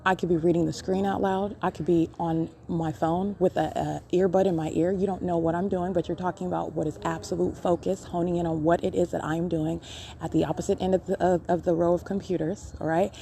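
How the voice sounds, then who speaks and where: Insistent low-voiced woman, dark tone. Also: level tone, a little fast, vocal fry, slight background noise. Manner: accusing, insistent, repeats herself. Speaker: podcast host recording her own encounters. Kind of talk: live self-recorded commentary. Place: public library.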